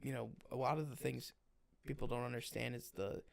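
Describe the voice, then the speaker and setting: A man's voice: medium pitch, steady tone, a little fast, gravelly. A young man co-hosting a casual podcast, talking bluntly, swearing freely and using many fillers. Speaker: podcast co-host, firefighter.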